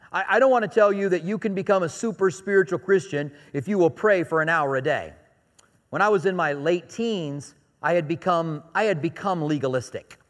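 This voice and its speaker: A man with a high voice preaching a sermon, his words ringing with long reverb through a big church hall. He keeps it conversational and joking, repeating his key points for emphasis. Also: a bit bright. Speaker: pastor.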